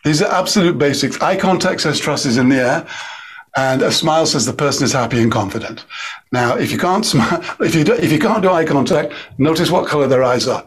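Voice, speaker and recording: Husky-voiced Englishman, energetic and emphatic. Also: fairly high pitch, a little fast. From England. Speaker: guest speaker and author. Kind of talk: animated interview talk.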